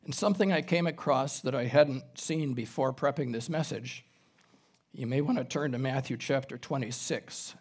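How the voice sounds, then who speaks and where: With a mid-range, slightly mellow voice, this man preaches as a pastor, working through scripture verse by verse after reading it aloud. Every so often he stops to clear his throat.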